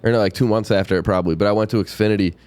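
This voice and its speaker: A man chatting on a podcast with a fairly low voice and a dry, close mic sound. He talks loosely, swears freely and spins stories. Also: fairly even intonation, rapid-fire, a little mellow, clear, resonant tone, no echo. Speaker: podcast co-host. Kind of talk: casual chat and read ad spot.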